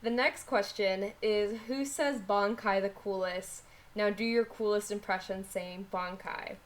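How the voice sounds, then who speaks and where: A woman's voice: medium pitch, steady tone, a little hiss or hum. Enthusiastic young woman podcaster. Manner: enthusiastic, quick agreeing interjections. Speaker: podcast co-host. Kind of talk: casual chat.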